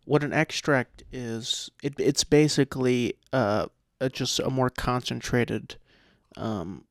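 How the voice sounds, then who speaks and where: A man co-hosts a relaxed podcast, chiming in with quick agreements and short explanations. His voice has a gravelly, fry-edged texture and sounds dry and close to the mic. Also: medium pitch, dry recording. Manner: brief agreements, explains terms. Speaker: podcast co-host. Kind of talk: casual podcast chat.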